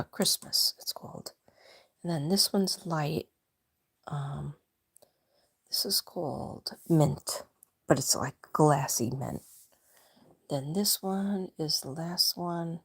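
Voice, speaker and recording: Soft, breathy woman on a slow live stream. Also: deep voice, lively intonation. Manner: rambling, soft-spoken, often drops to a whisper. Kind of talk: casual live-stream chat. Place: home.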